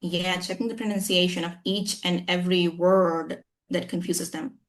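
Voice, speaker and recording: A woman's voice: fairly low pitch, fairly even intonation, normal speed. A woman English trainer speaking with an acquired American accent, talking emphatically in an interview and often asking "you know what I'm saying". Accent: American-style accent, acquired. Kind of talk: conversational interview.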